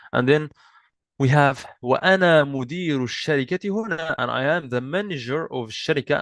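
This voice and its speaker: Guy teaching an online class, mid pitch, dry close sound, keeps repeating himself patiently. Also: no echo. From Egypt. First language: Arabic. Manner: patient, repeats and restarts, switches between English and Arabic. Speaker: Arabic teacher. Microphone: video call mic.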